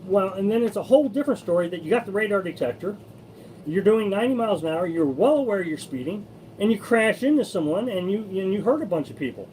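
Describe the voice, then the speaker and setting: A man from Missouri with a notably high-pitched voice talks casually on a live stream, reading out and answering comments from viewers. He rambles, stops and restarts his sentences, and shares his opinions freely. A faint layer of background noise sits under his voice. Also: expressive, fast talker, a little mellow, low-quality recording. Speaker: host of a live-streamed RV living channel.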